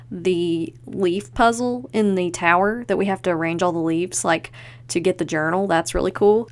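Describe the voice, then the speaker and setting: Chatty young woman podcast host. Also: lowish voice. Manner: chatty and animated, with quick asides and acted quotes. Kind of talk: casual chat.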